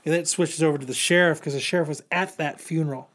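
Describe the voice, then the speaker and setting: A man with a slightly high voice talks through a comic story in loose, rambling podcast chat. He trips over his words, leans on fillers and swears freely. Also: steady tone, fast, fairly bright tone. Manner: rambling, profane, many fillers. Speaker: podcast host. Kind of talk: casual comic book recap.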